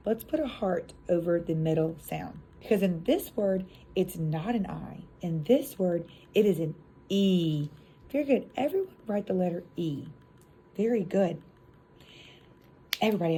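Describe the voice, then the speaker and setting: Animated phonics teacher woman, mellow voice. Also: on the low side, slight background noise. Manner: animated classroom teacher voice, drawn-out sounds; casual asides to other teachers. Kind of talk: phonics lesson demonstration.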